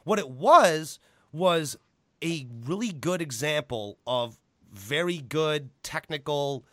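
A man co-hosting a casual chat about wrestling, animated and profane. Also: on the high side, slow pace, no echo, studio quality. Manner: animated, profane, breaks into impressions. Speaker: podcast co-host.

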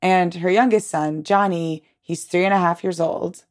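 A woman's voice: fairly low pitch, steady tone, normal speed. A woman podcast host in casual chat, talking in a chatty way with many fillers and frequent laughs.

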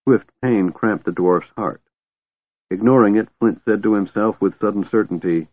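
A man narrates an audiobook at a measured storytelling pace. His voice sits very low. The sound is narrow and phone-like, and completely dry. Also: no echo. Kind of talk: scripted narration. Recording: thin phone-like dry recording.

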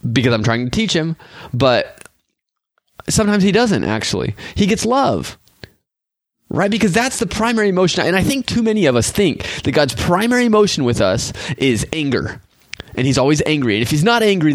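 Young male podcast host, animated, voice rises and falls a lot, dry close sound. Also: on the high side, moderate pace, no echo. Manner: animated, acts out quoted voices. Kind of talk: casual faith talk.

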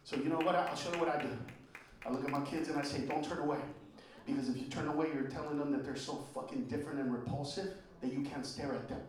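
A middle-aged man doing a stand-up routine on stage, ranting profanely and often shouting. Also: fairly high pitch, fairly even intonation, fast. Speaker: stand-up comedian. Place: stage before a live audience. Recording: echoey venue, distant mic, crowd laughter. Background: audience laughter and room noise.

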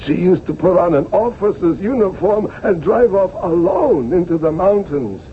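A man's voice: high voice, unhurried. An actor playing a jovial, nostalgic old postmaster and former cavalryman in a radio drama, hearty and chuckling. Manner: hearty, chuckling, lively swoops. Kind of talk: 1970s radio drama acting. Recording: tinny old radio broadcast, faint hiss.

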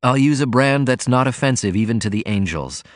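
A man's voice: mid-range voice, expressive, brisk, dry recording, studio quality, lightly acted. A man reading an audiobook, voicing a poor young male writer who talks in an earnest, eager way. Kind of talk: audiobook character voice.

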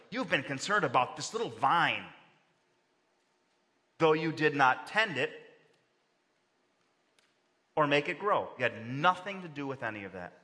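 A male pastor preaching a sermon, animated, acting out quoted lines with big swings in pitch. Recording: long reverb of a large hall.

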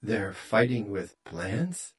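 A man voicing a small buzzing male robot with a flat delivery. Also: on the low side, takes it slowly, slightly rough, heavily acted. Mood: worried.

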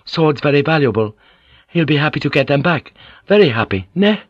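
A man's voice: fairly high pitch, very animated, a little fast, no echo, voice pushed up. A man voicing a tense, stern male samurai officer who speaks in a clipped, insistent way. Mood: friendly. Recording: dull lo-fi audiobook recording.

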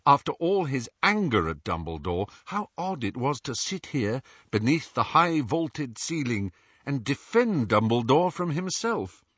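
Slow, husky male audiobook narrator. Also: medium pitch, dry recording, muffled recording. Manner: measured, expressive storytelling. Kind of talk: scripted narration.

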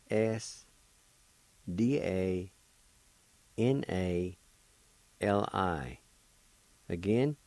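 A man hosting a radio language lesson, spelling each word letter by letter and then pronouncing it slowly and patiently. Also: sits low, darkish tone, dry recording. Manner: encouraging. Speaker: language teacher and radio host.

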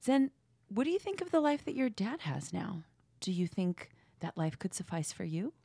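A woman narrating and interviewing in a comedy radio-show parody, mock-serious and halting with fillers. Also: medium pitch, big pitch swings, creaky, warm tone, husky, dry recording.

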